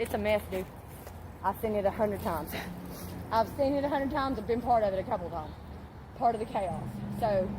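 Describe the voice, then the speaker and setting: Middle-aged woman vlogger, higher voice, animated and salty storyteller, noisy background. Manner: animated, swears casually, laughs often. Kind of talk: casual storytelling. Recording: steady background noise.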